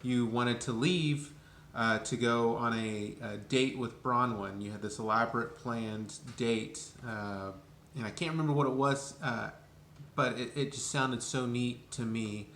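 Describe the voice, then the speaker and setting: Slow, reflective man in an echoey room. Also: medium pitch, fairly even intonation, fairly bright tone, slight background noise. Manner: reflective and hesitant, with many uhs. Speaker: friend giving a birthday message. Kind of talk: heartfelt video message.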